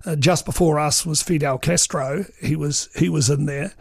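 A gravelly-voiced New man in his sixties spins long anecdotes, peppering them with ums and uhs. His voice sits a touch high for a man, and the sound is close and dry with no room around it. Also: steady tone, normal speed, a little mellow, no room sound. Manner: chatty, full of ums and uhs, acts out quoted dialogue. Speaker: veteran political journalist. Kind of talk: anecdotal interview storytelling.

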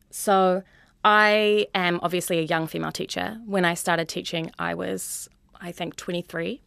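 Young Kiwi woman, twenties, teacher in a frank interview; lowish pitch, chatty, dry recording. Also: creaky, clear, resonant tone, dry recording. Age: 20s. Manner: earnest, chatty, full of "like" and "you know". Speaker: high school teacher. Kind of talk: candid interview.

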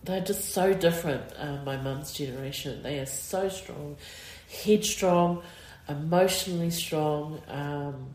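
A middle-aged woman, speaking in an interview, emotional and near tears, talking haltingly with many pauses and fillers. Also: low-pitched, darkish tone, echoey room, rough recording. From New Zealand. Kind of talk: personal interview.

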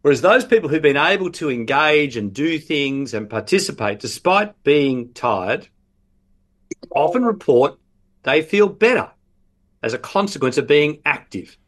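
Australian male academic guest, lively explainer, acts out examples in quotes. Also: a little high, unhurried. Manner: animated explaining, quoting imagined patients. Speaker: professor, guest expert. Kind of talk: radio interview.

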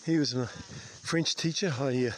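Out on a bush trail during a long hike, a New Zealander vlogs in a mid-range, fairly bright voice, speaking a little slowly. He pokes fun at himself, keeps it relaxed, and swears mildly now and then, with insects and outdoor sounds in the background.

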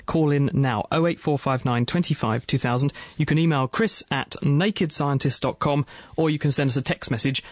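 A man hosting a radio science show in a studio, reading listener emails and questioning guests in a quick, jokey way. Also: mid-range voice, no echo. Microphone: studio mic.

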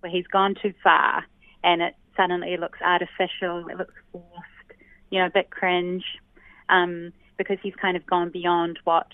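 A woman's voice: lowish voice, level tone, a little slow, dry recording. A New woman, a sociolinguist, explaining ideas thoughtfully on a radio phone interview, with many hesitations. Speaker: sociolinguist guest. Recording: tinny phone line.

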